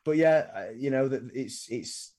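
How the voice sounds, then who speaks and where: A young man hosting a sports podcast, rambling with lots of ums and restarts, often trailing off quietly. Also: medium pitch, measured pace. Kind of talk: casual sports chat.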